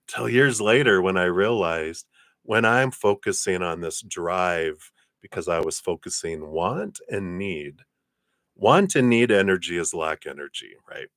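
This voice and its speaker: A man giving a casual talk on gratitude and energy during a livestream reading, animated and laughing as he acts out his own past thoughts. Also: low voice, unhurried, dry recording, clean studio sound. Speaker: tarot reader on a livestream.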